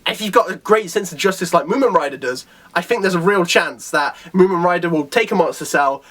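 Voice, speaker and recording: In a casual video review, a man rambles through a comic chapter with lots of restarts and fillers. His voice is high for a man and a bit bright, his pace a little fast, and his intonation lively, carried by eager, loose enthusiasm.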